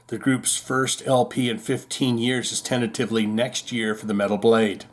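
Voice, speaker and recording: Man, podcast host, casual rock news chat, rambling, offhand, mid pitch. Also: level tone, normal speed. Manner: rambling, offhand, with many fillers and restarts.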